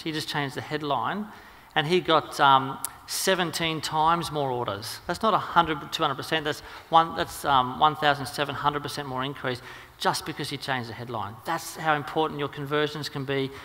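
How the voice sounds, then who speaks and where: Aussie guy talking fast at a seminar, bright edgy voice, lots of hall reverb. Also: a little high. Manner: rapid, energetic, lots of ums and restarts. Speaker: marketing seminar speaker. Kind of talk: seminar presentation.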